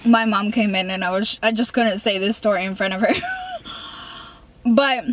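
A woman's voice: medium pitch, steady tone, normal speed, fairly bright tone. A young woman telling a storytime in a casual, rambling way, full of fillers and restarts, often laughing and quoting herself. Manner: giggly, laughs between lines. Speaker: vlogger.

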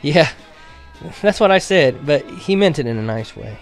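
A man's voice: fairly high pitch, expressive, moderate pace, faint music behind, pitched above the performer's own voice. A man voicing an earnest, cheerful eighth-grade girl in an audiobook reading. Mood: bubbly. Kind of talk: audiobook character voice.

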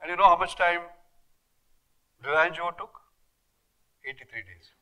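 An older man with an Indian English accent giving an academic lecture, emphatic and animated, with many rhetorical questions and fillers. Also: sits high, measured pace, clear, resonant tone, poor audio. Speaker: guest lecturer. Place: lecture hall.

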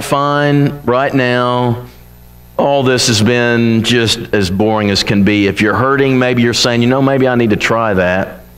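A man's voice: medium pitch, a bit bright, long reverb tail. A man preaching a sermon in an earnest, conversational way, voicing bold complaints to God as he reads the psalms.

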